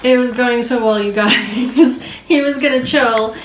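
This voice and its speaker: A woman's voice: a little high, fairly even intonation, unhurried, slight background noise. A young woman chatting casually in a home vlog, often cooing at her dog. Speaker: vlogger and dog owner.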